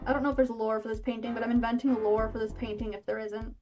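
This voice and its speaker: A woman's voice: a little high, flat delivery, fast talker, a little mellow, dull audio. A woman streaming a game, chatting playfully and gushing over what she sees. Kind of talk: casual game stream commentary. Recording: game music playing behind.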